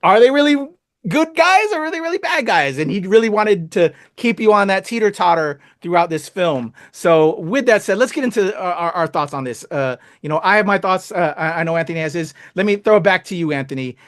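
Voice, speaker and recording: A man's voice: sits high, expressive, brisk, fairly bright tone. Hesitant male movie review host. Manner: hesitant, full of "uh" and restarts. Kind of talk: casual chat.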